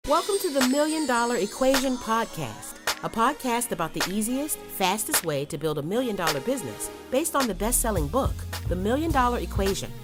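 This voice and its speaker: A polished woman announcer reads the show intro. Her pitch is a bit high and moves a lot. Music plays clearly behind her. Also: big pitch swings, a little fast, hardly any pauses. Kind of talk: scripted intro.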